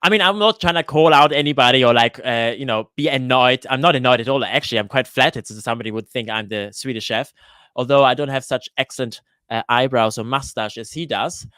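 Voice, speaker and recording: A man hosting a live Q&A for his cooking channel, chatting casually and greeting viewers by name, often pausing with "uh" and restarting his sentences. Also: mid-range voice, pushed and bright, smooth, no room sound, clean studio sound. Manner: hesitant, with frequent "uh" fillers and restarts. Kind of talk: live-stream Q&A chat. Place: lives in Switzerland.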